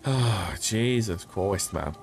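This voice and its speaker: Man, game streamer, low voice, jokey commentary, faint background hum. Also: expressive, slow pace. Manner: jokey, reads notes aloud, yelps when startled. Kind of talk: casual gameplay commentary.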